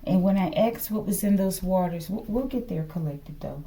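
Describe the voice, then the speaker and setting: A woman's voice: on the low side, animated, warm tone. A woman with a slight lisp, reading tarot cards for her viewers in a casual, speculative way and often addressing them with "collective" and "okay?". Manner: slow, drops to whispers at times. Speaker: tarot reader.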